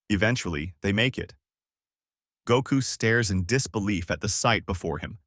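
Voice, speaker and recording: A man narrating a fan-made story aloud in a plain, steady way. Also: on the low side, dry recording, studio quality. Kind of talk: reading fan fiction aloud.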